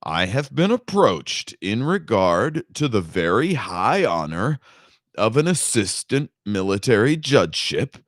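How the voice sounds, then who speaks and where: A man reading a novel aloud puts on a priggish grown son, pitched well above the reader's own low voice and swinging up and down as he moralizes. The tone is self-satisfied and preachy. The sound is dry and close. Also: big pitch swings, unhurried, dry recording. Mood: smug. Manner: pompous and preachy. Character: smug, condescending grown son lecturing his father.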